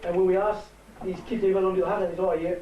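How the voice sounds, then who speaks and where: A man with a New Zealand Māori accent, giving a halting, heartfelt speech to a rugby team. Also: high voice, flat delivery, dull audio. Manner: halting, warm-hearted, switches between Māori and English. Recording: echoey room from far off.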